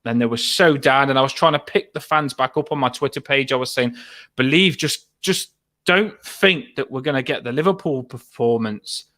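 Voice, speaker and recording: A man hosting a fan podcast, excitable and rambling, still shaky with adrenaline after a match. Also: mid-range voice, moderate pace. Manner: breathless, excitable, rambling with laughs.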